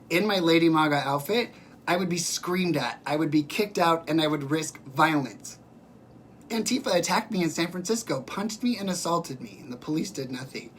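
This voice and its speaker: A man's voice: fairly high pitch, a bit bright, slight background noise. A man hosting a casual livestream, reading out viewer comments and answering them by name in a chatty, emphatic way.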